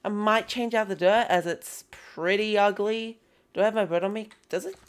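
A young woman chatting excitedly through a gameplay session, calling out playful greetings to characters in the game. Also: medium pitch, normal speed. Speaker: gaming video host. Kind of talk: casual gameplay commentary.

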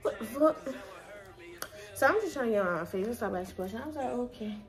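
A young woman vlogger chatting casually through a storytime while installing a wig, animated and full of slang, acting out what people said. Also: a little high, a little fast, crowd noise. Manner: animated, slangy, acts out quoted dialogue. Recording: music playing behind voice. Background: hip hop music.

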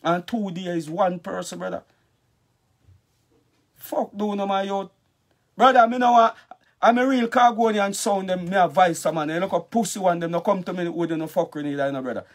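A man's voice: high-pitched, normal speed. A Jamaican man, a dancehall artist, ranting angrily in a vlog, cursing and calling the listener brother over and over. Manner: angry, cursing, repetitive address of the listener. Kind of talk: heated vlog rant.

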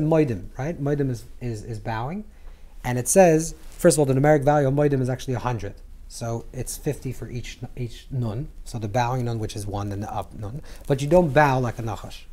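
A man teaching a Kabbalah lesson to a live group, animated, repeating words as he searches for phrasing and acting out scripture dialogue. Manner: acts out scripture dialogue with swings in pitch and volume.

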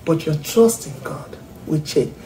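Woman, devotional speaker, earnest emphatic delivery, warm tone, reverberant room. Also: low voice, lively intonation, a little slow, slight background noise. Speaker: Christian speaker. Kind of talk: devotional message. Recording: roomy echo with faint ambience.

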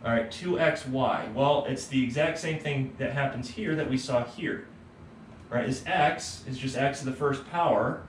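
Relaxed man teaching math in a roomy room. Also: mid-range voice, normal speed. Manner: relaxed, tags points with "right?". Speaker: economics teacher. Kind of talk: casual math lecture. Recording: roomy, distant mic, faint background hum.

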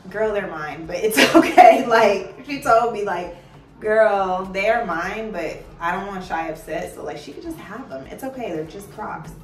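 A woman's voice: mid-range voice, unhurried. A woman vlogger in her thirties chatting casually with her daughter, acting out quotes as she tells funny stories. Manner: animated storyteller, acts out quotes. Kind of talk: casual chat. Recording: echoey room, far from mic, music behind.

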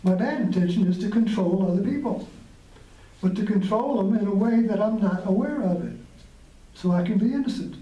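High-voiced man, roomy distant sound. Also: moderate pace, mellow, lo-fi sound. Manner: reflective, rambling, chuckles often. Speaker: podcast host. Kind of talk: casual spiritual talk.

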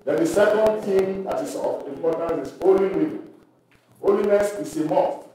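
A man leads a Bible study for church workers, reading verses aloud and pausing to quiz his listeners. His voice sits high, and it is picked up from far away. The hall around him rings with heavy echo. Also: noisy background. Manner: preacherly, asks the audience questions and reads scripture aloud. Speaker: church leader teaching workers. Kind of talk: Bible teaching at a leadership meeting. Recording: echoey hall recorded from far off.

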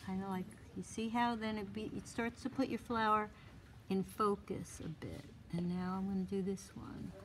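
A woman's voice: medium pitch, fairly even intonation, moderate pace, a little hiss or hum. A woman instructor giving a live drawing demonstration to a small class, thinking aloud as she works and coaxing with short repeated cues.

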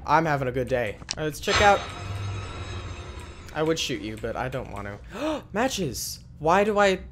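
Jokey man yelling at a horror game. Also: a little high. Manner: jokey, talks to the game, bursts into loud yells. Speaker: gaming channel host. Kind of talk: let's play commentary. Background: game music.

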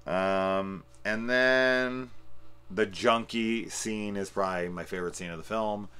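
A man with a deep, low voice talks through a film review in a loose, unscripted way. He rambles, fills gaps with "um" and "like", and swears freely as he gets worked up. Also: slow pace, smooth. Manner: profane, excitable, rambling with fillers. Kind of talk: casual spoiler discussion.

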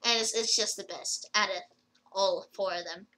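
A woman's voice: medium pitch, moderate pace, sharp tone, rough recording. A woman rambling casually through a gameplay video, with lots of fillers and restarts as she comments. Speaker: gaming video creator.

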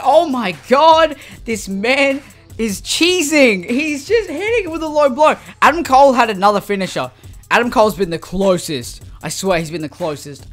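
High-pitched excitable gaming commentator, man. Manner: swings between muttering and shouting with excitement; casual slangy talk. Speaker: gaming YouTuber.

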